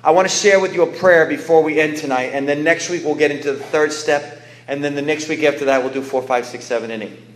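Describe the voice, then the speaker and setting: A man's voice: a little high, steady tone, quick pace, echoey room. A man telling his recovery story to a meeting, in an earnest, conversational way with many restarts. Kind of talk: personal testimony talk.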